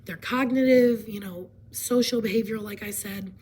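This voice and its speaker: A woman hoarse from laryngitis, partly whispering as she explains a presentation in a casual way, with fillers and frequent throat clearing. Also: mid-range voice, moderate pace, a little mellow, slight background noise, rough recording.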